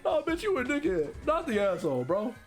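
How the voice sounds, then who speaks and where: A man giving casual, profane reaction commentary as a streamer, with animated slang and frequent laughter. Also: extremely high pitch, fairly quick, vocal fry, faint music behind.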